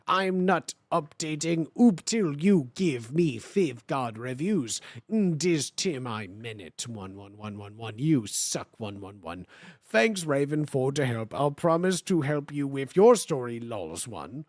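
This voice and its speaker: Role: livestream host. Style: comedic fan fiction read-aloud. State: hoarse. Pace: slow, with an animated, wide-ranging pitch. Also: no room sound. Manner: playful, slangy, swings between loud bursts and mumbles. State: hoarse from hours of talking.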